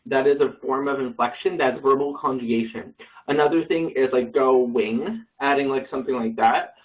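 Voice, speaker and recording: A man's voice: mid-range voice, distant mic, dull audio. A man leading an online Bible study class, explaining grammar casually with many fillers and self-corrections.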